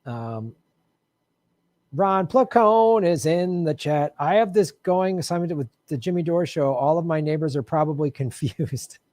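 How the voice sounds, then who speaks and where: A man's voice: fairly high pitch, lively intonation, measured pace, darkish tone, no room sound, studio quality. A male livestream host in casual sign-off chat, loose and chatty, laughing often and thanking viewers by name.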